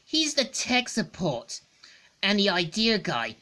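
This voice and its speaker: A woman voicing a brash, hot-headed young female fighter, reading comic dialogue in a cocky, loud manner. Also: medium pitch, big pitch swings, slow pace, exaggerated voice.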